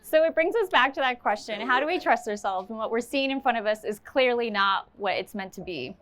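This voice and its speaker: Woman, higher voice, stage storyteller, frank and wry. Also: expressive, fairly quick, a bit bright. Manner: candid, self-deprecating humor. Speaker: stage speaker sharing a personal story. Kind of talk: storytelling talk with audience Q&A. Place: event stage before a live audience.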